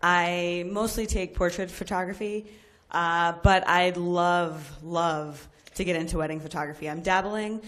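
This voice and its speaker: A woman's voice: fairly low pitch, fairly even intonation, unhurried, fairly bright tone. A woman in a seminar audience eagerly introducing herself. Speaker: audience member. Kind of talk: casual self-introduction.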